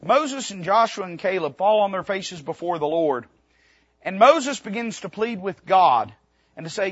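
A man preaching a sermon from the pulpit, reading scripture aloud and retelling it plainly, swinging from loud emphatic peaks to quiet low passages. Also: animated, moderate pace, breathy edge, no echo, muffled recording. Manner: reads scripture aloud in King James wording, then retells it plainly. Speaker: pastor. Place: church sanctuary.

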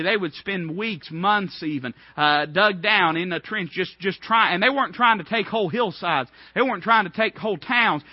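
A man's voice: high-pitched, dry recording. A man preaching a sermon, emphatic and rising in bursts of repeated phrases. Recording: dull, dry lo-fi recording.

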